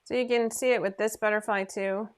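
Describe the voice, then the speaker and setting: A woman's voice: medium pitch, fairly even intonation, brisk. A woman hosting a casual sewing livestream from her home sewing room, chatting in a rambling, self-deprecating way into her computer microphone.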